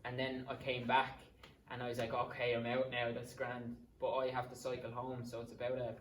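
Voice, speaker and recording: A man's voice: medium pitch, monotone, fairly quick, a little hiss or hum. A young Irish man in his twenties, a podcast guest telling stories in a casual, rambling way, swearing freely and drifting into asides. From Ireland. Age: 20s. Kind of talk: casual storytelling. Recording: roomy sound, distant mic.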